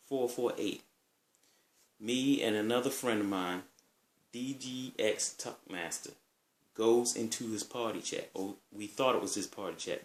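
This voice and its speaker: A man's voice: on the low side, reverberant. A man casually telling stories in a laid-back, rambling way, swearing freely. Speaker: vlogger. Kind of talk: casual storytelling.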